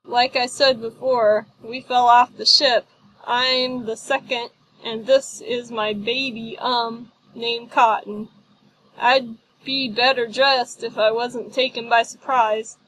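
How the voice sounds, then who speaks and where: A woman's voice: fairly high pitch, little pitch movement, takes it slowly, a bit bright, slight background noise, low-quality recording. A woman voicing a scruffy, friendly castaway man with a British accent who chats in British slang. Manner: chatty, using British slang.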